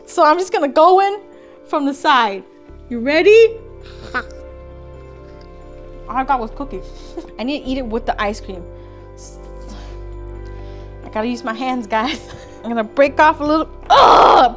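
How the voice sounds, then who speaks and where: A young woman food vlogger, excited and giggly, often laughing and squealing while she talks straight to her viewers. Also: sits high, normal speed, pauses often, faint music behind. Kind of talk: excited cooking vlog.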